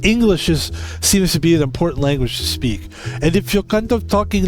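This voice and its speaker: A man's voice: on the high side, animated, a little fast, faint music behind. A man from the United States hosting a game stream, talking in a loose, rambling way and swearing often. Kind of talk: casual stream chat while gaming.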